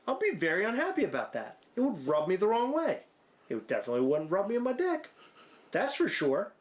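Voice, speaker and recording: A man's voice: sits high, wildly swooping pitch, brisk. Podcast guy riffing crude dumb what-ifs, swears a lot, voice bouncing all over. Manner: rambling, profane, spins absurd hypotheticals. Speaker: podcast co-host. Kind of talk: crude comedic banter.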